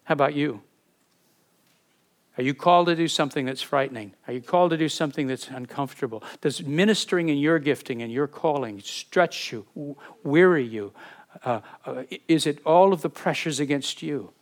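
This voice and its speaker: A man preaching a sermon as a pastor, earnest and heartfelt, often repeating words as he searches for them and dropping from emphatic to hushed. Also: fairly high pitch, brisk.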